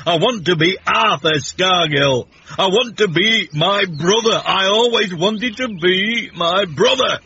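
A man's voice: high voice, measured pace, hardly any pauses, pushed and bright, slightly rough, dry recording, full character voice. An actor playing a pompous, affected posh man who talks with self-pitying grandeur in a radio comedy. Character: pompous posh man, brother of a union leader. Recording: dull old radio broadcast.

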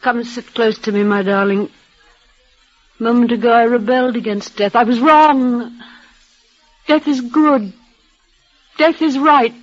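Frail dying young woman, halting and emotional, dull old radio sound. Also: a little high. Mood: resigned, tender. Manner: breathless, emotional, halting repetitions. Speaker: leading lady in a radio play. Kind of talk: 1940s radio acting.

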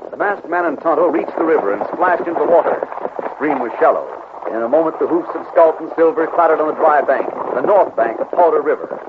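A man's voice: a little high, expressive, fairly quick, background noise. A man narrating an adventure story in a vivid, dramatic storytelling style for an old radio drama. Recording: tinny old radio broadcast with music.

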